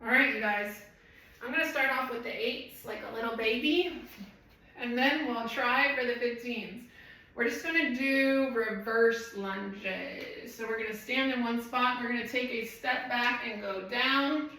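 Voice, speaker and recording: A woman's voice: on the high side, measured pace, sharp tone. A woman fitness trainer leading a live home workout, chatting and rambling while she counts reps. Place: room at home. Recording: echoey room, voice from far off.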